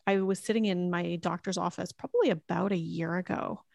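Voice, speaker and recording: A woman's voice: lowish voice, fairly even intonation, a little fast, gravelly, a little mellow, no echo. A woman talking earnestly and emotionally about motherhood in a heartfelt podcast conversation, reflective and prone to restarts. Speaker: mother sharing her story.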